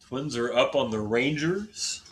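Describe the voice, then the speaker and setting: A man's voice: mid-range voice, expressive, unhurried. A man from southern Indiana, casually chatting with his viewers as he plays a baseball game on stream, self-deprecating and talkative. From southern Indiana, USA. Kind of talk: casual live-stream commentary while gaming.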